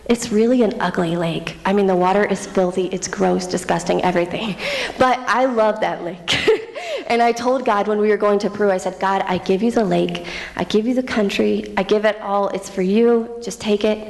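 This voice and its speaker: A woman's voice: medium pitch, normal speed, vocal fry, a little mellow. A young woman, a missionary, giving a candid personal testimony with self-mocking humor and frequent laughter. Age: young adult. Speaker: missionary speaker. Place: church hall. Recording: long church hall reverb.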